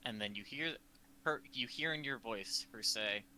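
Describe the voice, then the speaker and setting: A woman's voice: very deep voice, moderate pace, pushed and bright, a little hiss or hum, low-quality recording. A woman running a tabletop game, narrating and answering in a dry manner. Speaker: game master.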